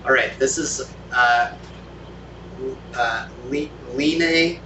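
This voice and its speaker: A man's voice: medium pitch, extremely slow, distant mic, background noise. Joking man, off-mic in an echoey room. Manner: joking, tosses in mock French and Italian words. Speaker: co-host reading fan names. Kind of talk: casual chat.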